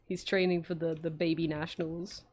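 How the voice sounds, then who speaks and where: A woman's voice: low voice, level tone, moderate pace, a little mellow. A young woman streaming while she draws, chatting casually, giggling, swearing freely and answering her chat.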